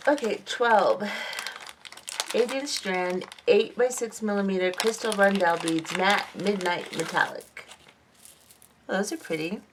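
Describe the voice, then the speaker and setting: A woman's voice: medium pitch, unhurried, noisy background. A woman vlogger chatting casually as she unboxes craft beads, reading each item aloud and admiring them. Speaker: jewelry-making vlogger. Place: home craft table under lamps.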